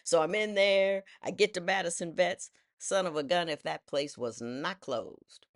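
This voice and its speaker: A woman in her sixties tells a personal story in a lively, self-mocking way, briefly putting on the voices of the people she quotes. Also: lowish voice, measured pace. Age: 60s. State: widowed. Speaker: vlogger.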